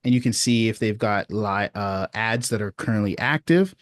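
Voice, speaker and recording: A man giving casual sales advice on a video support call, relaxed and chatty, often asking "you know what I mean?". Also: on the low side, moderate pace, dry recording, studio quality. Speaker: sales coach.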